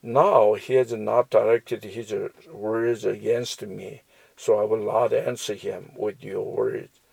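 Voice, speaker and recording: A man's voice: fairly low pitch, little pitch movement, slow pace, creaky, a little mellow, husky, no echo, poor audio. A man reading Bible verses aloud and explaining them, with frequent restarts and fillers. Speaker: Bible teacher. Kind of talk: slow scripture reading and commentary.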